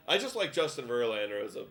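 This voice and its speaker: A man's voice: medium pitch, very animated, fairly quick, a bit bright. A young man hosting a podcast, chatty and rambling as he gives live play-by-play reaction to a ballgame. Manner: chatty, rambling, laughs often. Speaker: podcast host.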